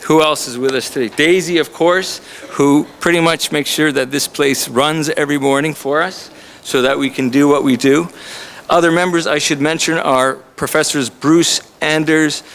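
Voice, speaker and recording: A man's voice: medium pitch, a bit bright. Guy at a college event, jokey intro speech, talks right to the crowd, faint room hum behind. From Canada. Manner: joking, chatty, addresses the audience directly. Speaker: college instructor introducing a visiting author. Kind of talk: humorous introduction speech to an audience.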